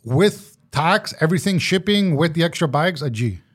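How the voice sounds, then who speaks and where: A man's voice: a little high, lively intonation, normal speed. A young man co-hosting a podcast, chatting casually, joking and laughing often. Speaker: podcast co-host. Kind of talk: casual chat.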